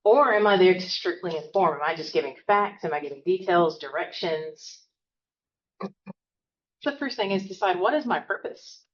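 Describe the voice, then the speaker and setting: A college professor from the American South, with a Southern accent and a lowish, expressive voice, gives a chatty, interactive workshop talk in a classroom, recorded with a roomy sound and cut-off highs. She talks fast and often adds "right?"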